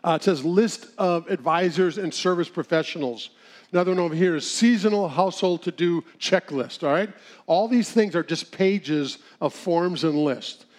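A man's voice: high-pitched, moderate pace, a little mellow. A middle-aged man giving a humorous, sermon-style talk, telling folksy stories with chuckles. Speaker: speaker at a church seminar.

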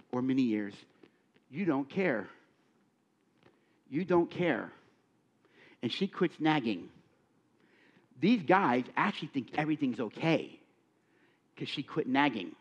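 Animated preacher man, lively pitch. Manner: animated, acts out dialogue, asks the audience questions. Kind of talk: sermon. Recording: dull lo-fi recording.

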